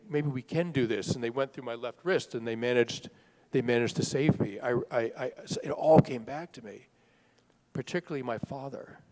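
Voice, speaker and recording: A middle-aged man telling a personal story to a live audience, talking in a conversational, halting way with fillers and restarts. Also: mid-range voice. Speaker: author speaking at a book festival. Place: large hall at a live event. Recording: long reverb of a large hall.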